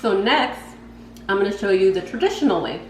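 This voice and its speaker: A woman's voice: medium pitch, expressive, a little fast. A woman hosting a casual cooking vlog from her home kitchen, chatty and slangy, talking straight to her viewers. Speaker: home cook host. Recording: echoey room with background noise.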